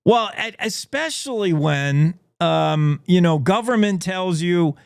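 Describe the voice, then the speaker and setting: A man's voice: high-pitched, animated, takes it slowly, vocal fry, hardly any pauses, clear, resonant tone, dry recording, clean studio sound. A man hosting a radio morning show, playfully spinning speculative stories. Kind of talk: talk radio monologue.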